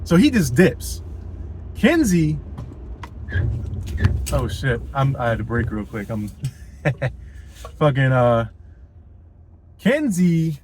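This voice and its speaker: A man's voice: mid-range voice, very animated, extremely slow, long pauses, a little mellow, a little hiss or hum, rough recording. A man telling a personal story in a casual vlog, rambling and swearing, with lots of fillers and "you know what I mean.".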